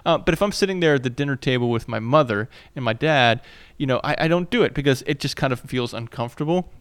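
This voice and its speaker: In a casual podcast chat, a male co-host in his thirties talks fast in a smooth, expressive mid-range voice. He rambles, filling his speech with fillers and restarts, while landscaping noise carries on outdoors.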